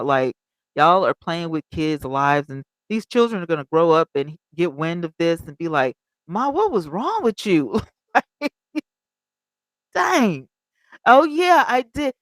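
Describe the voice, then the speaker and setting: A woman's voice: sits low, no echo, rough recording. A woman host from Alabama, chatting casually on a livestream, reading viewer comments aloud and laughing often. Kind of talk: casual live chat commentary.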